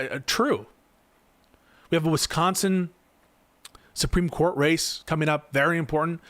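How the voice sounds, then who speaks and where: Man, streamer, casual commentary, profane, exasperated, fairly high voice. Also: a bit bright. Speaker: political streamer reading chat.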